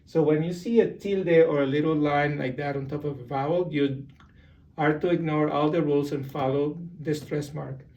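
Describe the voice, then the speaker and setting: A man teaching a beginner language lesson, explaining slowly and repeating example words. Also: fairly high pitch, steady tone, mellow, distant mic, muffled recording. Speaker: Spanish teacher. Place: room with a whiteboard.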